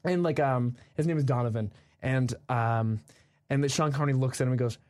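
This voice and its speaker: A man's voice: medium pitch, fairly quick, a little mellow. A young man co-hosting a podcast in casual chat, rambling with lots of fillers and restarts. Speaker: podcast co-host.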